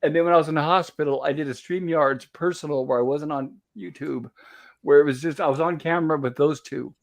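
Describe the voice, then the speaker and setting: A man's voice: a little high, fairly even intonation, fairly quick, vocal fry. A man hosting a casual livestream chat, telling a rambling story and repeating "I said" as he recounts a conversation. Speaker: host.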